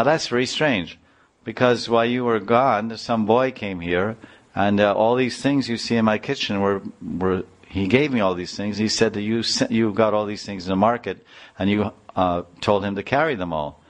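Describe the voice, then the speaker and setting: A man's voice: fairly low pitch, normal speed, natural voice. A man voicing a brahmin's wife who questions and protects in a raised voice. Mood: wondering. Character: puzzled, indignant brahmin's wife.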